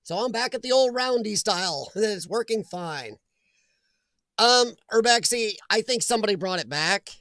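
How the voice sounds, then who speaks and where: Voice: medium pitch, animated, normal speed, a bit bright, no echo, studio quality. A livestream host chatting casually from home, laughing often and greeting viewers by name.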